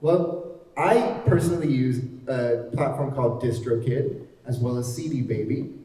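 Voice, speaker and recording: A man speaks at a convention panel with a mellow, relaxed tone and an enthusiastic, explanatory manner. He is picked up from far off, and the sound rings with the long echo of a big hall. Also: medium pitch, unhurried. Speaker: panel presenter.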